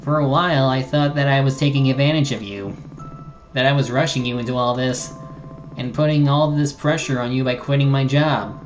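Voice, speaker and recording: A woman's voice: very deep voice, steady tone, fairly quick, muffled recording, soft background music. A streamer voicing an earnest, remorseful young woman adventurer, reading game dialogue aloud with small slips and restarts. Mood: apologetic.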